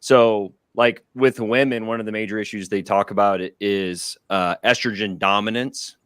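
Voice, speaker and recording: Lowish guy explaining stuff matter-of-factly, dry close sound. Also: steady tone, normal speed, fairly bright tone, smooth, dry recording. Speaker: guest doctor. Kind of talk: casual chat on a group stream.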